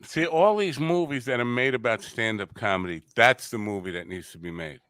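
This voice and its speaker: A man's voice: mid-range voice, a little fast, a bit bright, smooth, no room sound, clean studio sound. A man hosting a podcast in casual chat, laughing easily and asking questions. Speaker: podcast host.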